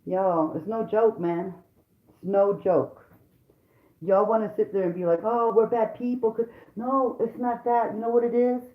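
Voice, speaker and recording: A woman's voice: medium pitch, a little slow. Woman ranting hotly in a roomy space. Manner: heated, profane, repetitive, talks straight to viewers. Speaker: vlogger, mother. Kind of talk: angry profane rant to camera. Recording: roomy, dull lo-fi sound.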